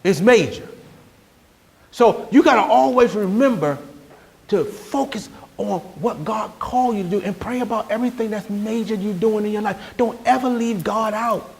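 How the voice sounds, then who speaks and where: A man preaching a sermon as pastor, telling stories with growing energy and sometimes shouting. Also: sits high, normal speed, creaky. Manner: animated storytelling, rising to shouts.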